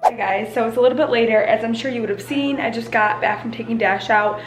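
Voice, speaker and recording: A woman's voice: fairly high pitch, fairly even intonation, fast, faint music behind. A woman in her twenties vlogging casually from home, talking playfully to her puppy and her viewers. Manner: playful, talks baby-talk to her puppy. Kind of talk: casual vlog chat.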